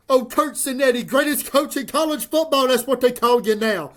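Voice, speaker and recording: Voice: sits high, moderate pace, few pauses. A college football commentator, ranting to the camera in a sarcastic, mocking, rambling way. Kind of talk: sports rant to camera.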